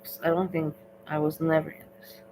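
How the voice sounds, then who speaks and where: A woman comments casually over a video she is watching, tossing wry remarks back at it. Her voice sits on the lower side for a woman. A faint hum hangs behind her. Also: level tone, a little fast. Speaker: reaction streamer.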